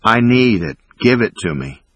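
A man playing a wounded, unhinged man who talks slowly in a calm, distant, menacing way. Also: lowish voice, slightly rough, dry recording, pitched above the performer's own voice, exaggerated voice.

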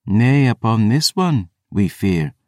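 A man voicing a stern masked priestess in an audiobook, with a deep, musical voice and archaic, formal speech. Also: sing-song, slow pace, no echo, studio quality. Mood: solemn. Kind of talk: audiobook character voice.

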